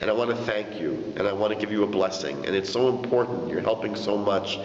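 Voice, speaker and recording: A man's voice: fairly low pitch, a little fast, close to an everyday voice. A man telling a story and voicing a young rabbi who pleads earnestly and thanks effusively. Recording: dull echoey hall.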